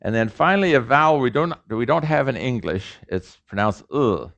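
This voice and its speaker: A man's voice: medium pitch, animated, moderate pace, creaky, a bit bright. A man, a professor, giving a classroom lecture and explaining sounds step by step, with fillers and restarts. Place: lecture room. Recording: dull lo-fi lecture recording.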